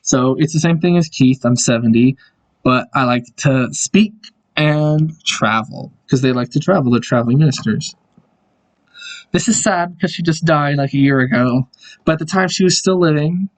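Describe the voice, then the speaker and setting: A man's voice: fairly high pitch, normal speed. Rambling young man showing old projects. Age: young adult. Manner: rambling, self-correcting, chuckling asides. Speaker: video creator. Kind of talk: casual screen-share walkthrough.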